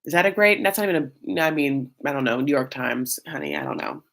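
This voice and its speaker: A woman's voice: low-pitched, fast talker, creaky, a bit bright. A woman hosting a casual reality-show recap, chatty and loose, full of fillers and calling the audience honey.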